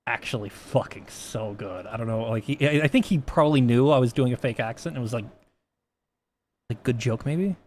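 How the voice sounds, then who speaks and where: A man's voice: medium pitch, fairly quick, darkish tone, slight background noise. Rambling, profane male streamer. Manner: rambling, profane, frequent restarts. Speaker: livestreamer. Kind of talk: casual livestream chat while coding.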